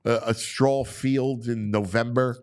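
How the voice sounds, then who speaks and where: A man's voice: medium pitch, fairly even intonation, unhurried, a little mellow. A middle-aged man hosting casual sports talk, opinionated and prone to stammering restarts. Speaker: sports talk show host.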